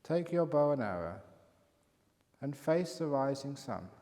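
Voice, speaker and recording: A man voicing a kind, wise old male monk, speaking low and gently, as he tells a story in a sermon. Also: very animated, measured pace. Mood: instructing. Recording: long hall reverb.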